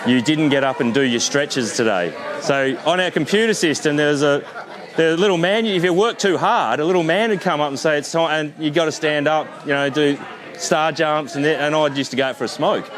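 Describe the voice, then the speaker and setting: A middle-aged man with an Australian accent, the founder of a tour company, telling a story in a relaxed, casual way, with loose swearing and lots of fillers. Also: on the high side, a little fast. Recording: busy crowd noise behind.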